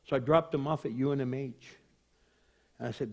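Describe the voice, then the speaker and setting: A man's voice: medium pitch, fairly quick, a little mellow. An older man, a pastor giving a sermon in a conversational, storytelling way.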